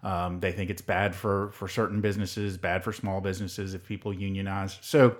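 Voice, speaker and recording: A man co-hosts a casual podcast chat and explains topics in a measured, wry way. His voice sits a little low. He often restarts a sentence before he finishes it. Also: level tone. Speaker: podcast co-host.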